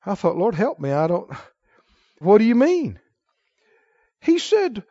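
A man preaching a sermon, telling folksy stories and delivering points with emphasis, quoting the Lord in a lower, sterner tone. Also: sing-song, moderate pace, long pauses, dark tone, no room sound, dull audio. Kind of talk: sermon with storytelling.

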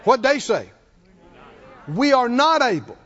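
Male preacher, high-pitched and animated, emphatic call-and-response, church hall reverb. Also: slow pace. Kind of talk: sermon. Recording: long hall reverb, dull lo-fi sound.

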